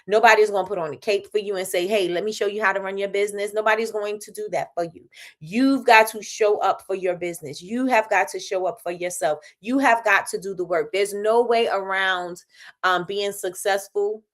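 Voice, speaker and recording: Loud, laughing New York woman. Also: mid-range voice, moderate pace. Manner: loud, animated, laughs often, repeats for emphasis. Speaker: livestream host. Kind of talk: motivational livestream talk.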